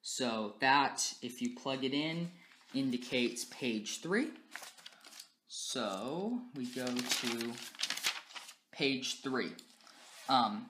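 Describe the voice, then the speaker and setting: A young man with a medium-pitched, fairly bright voice gives a class presentation as a language student. He explains things step by step, methodically, often saying "um" and "uh." The recording has a roomy echo.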